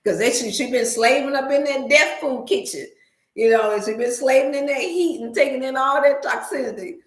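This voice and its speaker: A woman's voice: high-pitched, a little fast, reverberant. A woman host telling a funny story in a casual livestream, laughing often and slipping into preachy asides. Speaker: wellness channel host.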